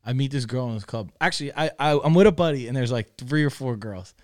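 A man's voice: mid-range voice, fast talker. A man, a guest on a casual podcast, telling a crude, profane anecdote with lots of swearing and laughter, in a mid-range voice. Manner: laughs through his own story. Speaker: guest storyteller.

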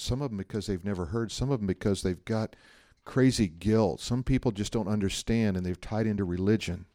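A middle-aged male pastor telling a personal story in a sermon, animated and joking, often checking in with the listeners. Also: lowish voice, dry recording, clean studio sound. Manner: animated storytelling, jokey asides, frequent "right?".

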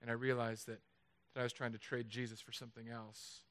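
A man preaching a sermon in a chapel, lively and conversational, with jokes. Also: mid-range voice, fairly quick. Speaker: pastor.

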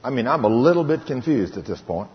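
A man's voice: mid-range voice, big pitch swings. A preacher tells his testimony from the pulpit, emphatic and dramatic. He drags scripture out word by word. The recording is dull and carries the long echo of a big hall. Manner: emphatic storytelling, slows right down on scripture. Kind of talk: sermon testimony.

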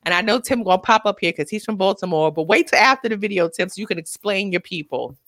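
A woman's voice: mid-range voice, lively intonation, quick pace, a bit bright, dry recording, studio quality. A woman hosting a casual talk show, blunt and teasing, full of strong opinions. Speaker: host. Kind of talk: casual chat.

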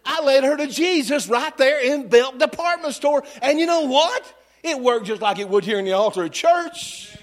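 A pastor in middle age, his voice sitting high for a man as he preaches. He tells homespun, joking stories from the pulpit in a folksy, down-home way. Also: expressive, a little fast. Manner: folksy, humorous storytelling preacher. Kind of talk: sermon.

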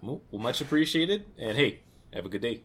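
A man playing a tabletop game, playful and quick to laugh. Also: mid-range voice, big pitch swings, fairly bright tone, a little hiss or hum. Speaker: player.

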